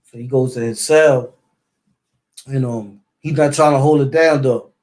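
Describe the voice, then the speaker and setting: A man's voice: medium pitch, fairly even intonation, unhurried, darkish tone. A man from Brooklyn with a New York accent, telling a story in casual street slang and filling it with repeated words and sound effects. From East New York, Brooklyn.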